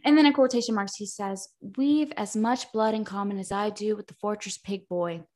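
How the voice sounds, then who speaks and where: A woman's voice: medium pitch, moderate pace, a little mellow. A young adult woman co-hosting a casual book podcast, ranting and swearing as she recaps and reads quotes dramatically. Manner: profane, ranting, dramatic read-aloud of quotes. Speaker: podcast co-host.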